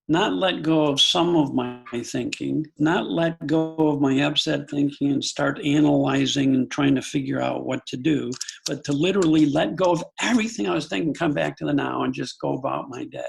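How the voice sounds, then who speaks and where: An older man from the United States, a psychologist and podcast guest, telling a personal story in a calm, earnest way with frequent self-corrections. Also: fairly high pitch, creaky, a little hiss or hum, poor audio. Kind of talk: reflective storytelling in an interview.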